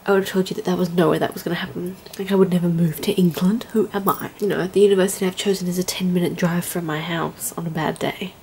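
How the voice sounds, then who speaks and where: A woman's voice: lowish voice, steady tone, quick pace, hardly any pauses, darkish tone, slight background noise. A young adult woman working as an au pair, talking in a rambling, chatty and heartfelt way in a casual vlog from indoors at home. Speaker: au pair vlogger.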